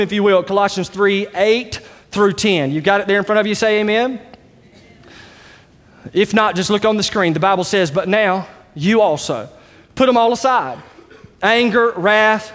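A man's voice: high-pitched, fairly bright tone, big-room sound. A man preaching a sermon as pastor, emphatic with folksy asides. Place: church sanctuary.

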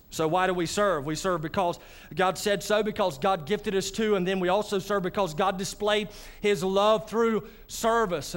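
A man's voice: high-pitched, clean tone. A male pastor, preaching a sermon in a church and talking directly to his congregation. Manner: conversational preaching with asides to the congregation. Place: church sanctuary.

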